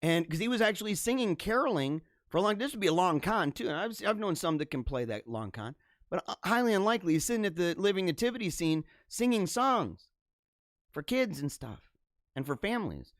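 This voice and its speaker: Animated rambling male livestream host. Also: high voice, a little fast, no room sound, studio quality. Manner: rambling, with frequent restarts and animated bursts. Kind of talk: casual storytelling monologue.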